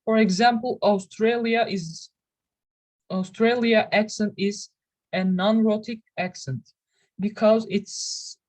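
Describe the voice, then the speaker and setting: Young woman, Turkish native speaker, student presenter; slow, careful, stop-start delivery. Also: medium pitch, steady tone, darkish tone, rough recording. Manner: careful, halting delivery with restarts. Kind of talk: reading a class presentation.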